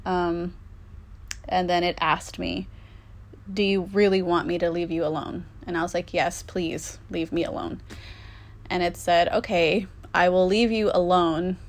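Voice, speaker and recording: A woman's voice: lowish voice, level tone, measured pace. A young woman telling a personal story in a casual, candid way, with lots of fillers and swearing.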